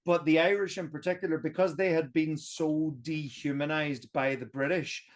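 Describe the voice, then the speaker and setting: A man's voice: a little high, fairly even intonation, normal speed. A man on a roundtable podcast, explaining history at length in a casual way, with lots of "um" and restarts. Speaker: podcast co-host.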